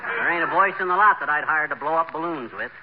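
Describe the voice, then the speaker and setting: A man's voice: on the high side, animated, fast talker, lightly acted. A man playing a brash, boastful small-town husband in a 1940s radio comedy, full of folksy slang. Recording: old lo-fi radio broadcast with noise.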